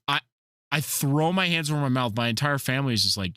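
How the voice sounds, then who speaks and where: A man's voice: mid-range voice, quick pace, a bit bright, no echo, clean studio sound. A man hosting a casual podcast, telling rambling stories and swearing freely. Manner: profane, rambling storyteller. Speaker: podcast host.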